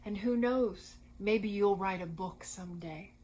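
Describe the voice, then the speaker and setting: A woman's voice: medium pitch, measured pace, a little hiss or hum, poor audio. Earnest woman telling ministry stories. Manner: earnest, animated storyteller. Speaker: co-host of a Christian ministry program. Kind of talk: storytelling conversation.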